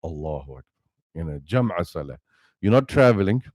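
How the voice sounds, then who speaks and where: A man's voice: low-pitched, animated, a little fast, a little mellow, dry recording. A man, an imam, preaching an impassioned sermon into a microphone, full of rhetorical questions. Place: Islamic center prayer hall. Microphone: speaking into a microphone.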